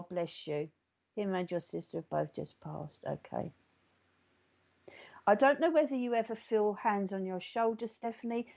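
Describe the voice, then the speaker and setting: With a medium-pitched, slightly mellow voice, a female medium delivers a live reading and keeps reassuring the person she's reading for. She frequently asks "okay?" or "all right?", and the recording's highs are cut off.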